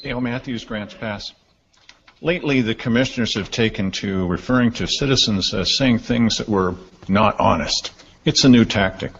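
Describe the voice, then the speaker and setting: A man's voice: lowish voice, normal speed, vocal fry, a bit bright, slight background noise. Man giving pointed public comment. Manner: pointed and accusing. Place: public meeting room. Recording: dull, reverberant meeting hall.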